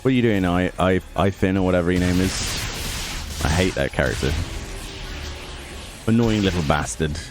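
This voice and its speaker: A man's voice: sits low, normal speed, long pauses. A man giving casual let's play commentary, grumbling and sarcastic as he plays. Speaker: gaming YouTuber. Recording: game music playing under the voice. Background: game music.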